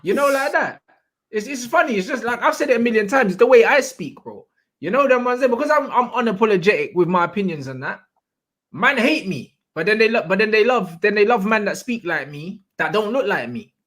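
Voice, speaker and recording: Young man, high-pitched, blunt animated ranting, slangy casual chat. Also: brisk. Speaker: host.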